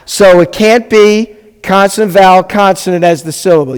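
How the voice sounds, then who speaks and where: A rabbi teaches a Hebrew class to a live group in a classroom or hall, patiently spelling things out and checking in often with his students. His voice sits high and moves at a normal speed, with a clean tone and a long reverb tail.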